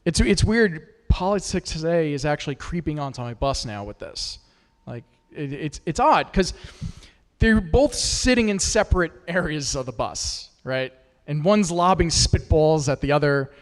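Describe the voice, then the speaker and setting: This comedian's set is crude and self-mocking, with jabs at the audience gathered in a small studio for an open mic. He speaks at a normal speed, his slightly high voice lively in intonation and echoing with long reverb.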